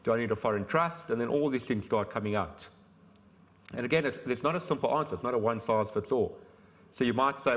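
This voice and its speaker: A South African insurance company expert, appearing as a guest in a virtual conference interview, talks fast about finance. His mid-range, fairly bright male voice is brisk and explanatory, firing off examples rapidly.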